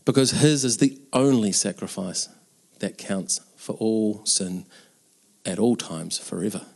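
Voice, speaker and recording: A man's voice: fairly low pitch, measured pace, vocal fry, darkish tone. A man preaching an Easter sermon in an earnest, conversational way, with casual asides.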